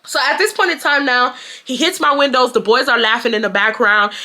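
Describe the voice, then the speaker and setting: A woman in her twenties from Houston, telling a story to her viewers in a blunt, slangy, animated way. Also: fairly high pitch, brisk. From Houston, Texas, US. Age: 20s. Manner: animated, addresses viewers as "y'all", acts out quotes; blunt, slangy, swears freely. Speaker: storytime vlogger.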